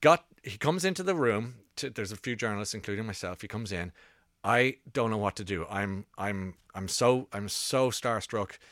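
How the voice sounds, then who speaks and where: A middle-aged man hosting a radio show, telling rambling stories with quick asides into a studio mic. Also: fairly low pitch, lively intonation, fairly bright tone, dry recording. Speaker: radio host. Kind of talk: casual radio chat. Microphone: broadcast studio mic.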